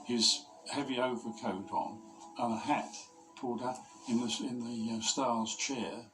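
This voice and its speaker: A man describes the first shots on a film set in a matter-of-fact way. His voice is mid-pitched. Clear music plays underneath. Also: steady tone, measured pace, a bit bright, low-quality recording. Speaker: film crew member recalling the shoot. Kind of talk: interview recollection.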